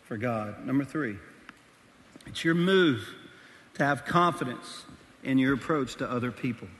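Brief: man, pastor preaching, high voice, animated swings from soft to shouting, long church-hall reverb. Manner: animated, shifts between quiet asides and shouting. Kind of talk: sermon.

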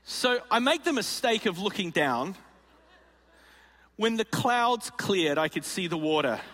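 A man preaches in a sermon, spinning a comic story and playfully acting out its people. His voice sits high and bright. It rings with the long reverb of a large hall. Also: sing-song, a little slow. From Australia. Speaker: pastor. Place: large auditorium.

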